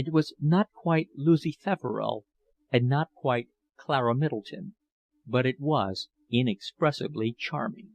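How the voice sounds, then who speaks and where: A man reading a classic novel aloud as an audiobook narrator, with a measured, expressive delivery. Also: on the high side.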